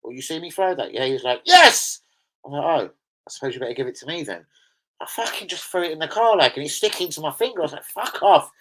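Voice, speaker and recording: A fast-talking man with a higher voice and a London accent chats about football on a live stream from indoors at home, and the audio quality is poor. He's slangy and sweary, rambling through anecdotes.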